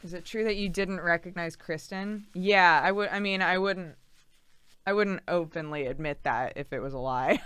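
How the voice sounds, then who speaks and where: A woman's voice: fairly low pitch, moderate pace, a bit bright, clear, resonant tone. A pregnant young woman streamer chatting casually and reading out viewer messages, giggly and rambling with lots of fillers.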